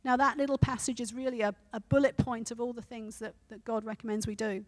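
A woman preaching a sermon who reads scripture and a story aloud in a measured way, with hesitant restarts. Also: a little high, steady tone, big-room sound.

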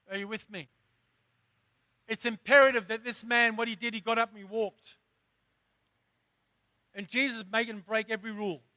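Man preaching a fiery sermon, high sharp voice, dry close sound, stretches words out then yells. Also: dry recording. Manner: impassioned, slow emphatic stresses, rising to shouts. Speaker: pastor.

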